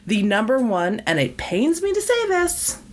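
A woman's voice: on the high side, big pitch swings, a little slow. A woman from Boston co-hosting a podcast, chatting casually and laughing often as she tells the story. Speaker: podcast co-host. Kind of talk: casual chat.

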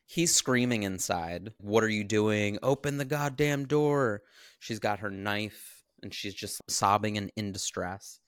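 Male podcast co-host with a low voice, lively storyteller who acts out the characters' dialogue, dry sound. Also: unhurried, hardly any pauses, no echo. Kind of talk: casual chat, retelling a film.

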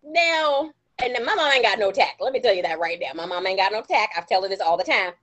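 A woman's voice: medium pitch, quick pace. A woman co-hosting a podcast in casual chat, blunt and emphatic, laughing often. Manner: animated storytelling, acts out quotes in exaggerated voices. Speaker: podcast co-host.

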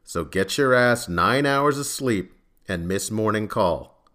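A man voicing a gruff, blunt male training officer in an audiobook, with dry, threatening delivery. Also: lowish voice, animated, slow, fairly bright tone.

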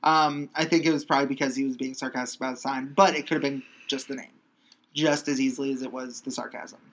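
A woman's voice: rumbling low, fairly even intonation, fast talker. A woman co-hosting a casual chat podcast, chatty and swearing freely, reading from her notes. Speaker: podcast co-host.

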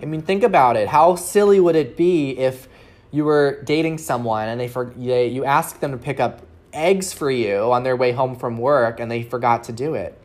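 A woman's voice: extremely low pitch, moderate pace, darkish tone. A woman speaking as a relationship coach, talking earnestly in a solo advice episode and asking rhetorical questions.

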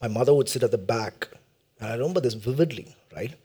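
A middle-aged man from India preaching a sermon, swinging from loud emphatic lines to hushed near-whispers and repeating his points as questions to the congregation. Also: medium pitch, lively intonation, quick pace, breathy edge. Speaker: pastor.

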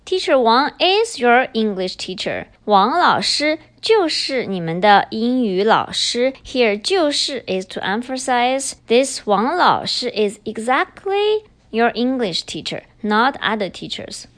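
Lively-voiced woman teaching Chinese. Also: a little high. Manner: explains slowly, repeats example sentences. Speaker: podcast host and Chinese teacher. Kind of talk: bilingual language lesson.

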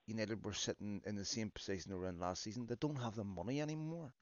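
A man's voice: fairly low pitch, quick pace, dry recording. A man hosting a casual football chat, building his points in long runs. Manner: talks in long arguing runs. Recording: dull lo-fi dry sound.

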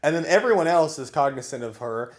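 A man co-hosting a podcast in person, casually recapping a movie and acting out the characters in quick voices. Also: a little high. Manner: animated, acts out characters in quick put-on voices. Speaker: podcast co-host. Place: in person, indoors.

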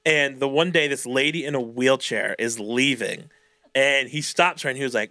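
A young man co-hosts a podcast in a medium-pitched voice at a moderate pace, with no room sound. In casual chat he tells retail stories animatedly, swearing a lot and acting out customers.

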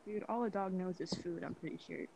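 A young woman, a podcast guest, telling a story in casual chat, animated and profane, acting out both sides with quick restarts. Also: fairly low pitch, vocal fry, breathy edge, rough recording. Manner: animated, profane, acts out dialogue with stutters and restarts.

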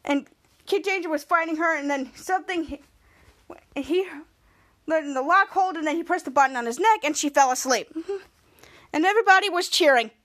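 Lady podcaster recapping a show, high voice, keeps restarting sentences. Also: fairly quick, bright, forceful tone. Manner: rambling run-on retelling with many restarts; quotes characters in a raised voice. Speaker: podcast host. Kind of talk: casual episode recap.

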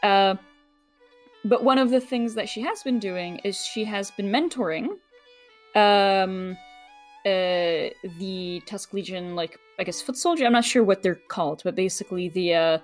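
A woman player talking through her character's world in a loose, casual way, with many pauses and fillers. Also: medium pitch, faint music behind. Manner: thinks aloud with many fillers.

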